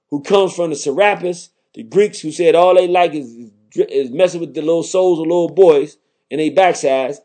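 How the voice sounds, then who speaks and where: A man's voice: high voice, darkish tone. A man hosting a talk program, delivering a combative, emphatic monologue. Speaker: radio talk host. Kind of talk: impassioned monologue.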